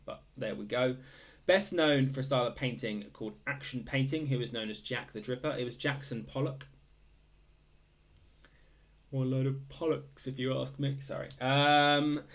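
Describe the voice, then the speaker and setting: Hesitant young Englishman reading quiz answers. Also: medium pitch. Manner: hesitant, many fillers, dry joking asides. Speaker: quiz host. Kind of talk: casual quiz answer read-through.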